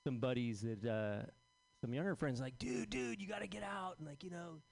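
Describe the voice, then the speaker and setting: A man in his forties doing a deadpan, self-deprecating stand-up set on a club stage. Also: medium pitch, moderate pace, creaky. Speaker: stand-up comedian.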